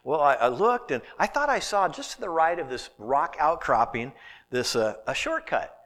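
A middle-aged man preaching a sermon, telling stories with animated delivery and dropping to a hushed whisper at times. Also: on the high side, moderate pace. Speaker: pastor.

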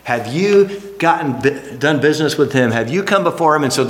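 A man preaching a sermon, emphatic, dropping to hushed lines and then rising to animated exclamations. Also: a little high, normal speed, few pauses. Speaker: pastor. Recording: echoey hall.

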